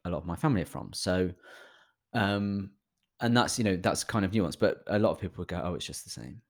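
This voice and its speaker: An English man co-hosting a podcast, chatting casually with laughs and halting restarts. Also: deep voice. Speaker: podcast co-host. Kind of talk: casual chat.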